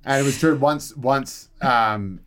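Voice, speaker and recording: A man on a political chat show, telling an animated anecdote and slipping into voices. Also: medium pitch, takes it slowly. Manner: animated storyteller, puts on voices. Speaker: podcast panelist.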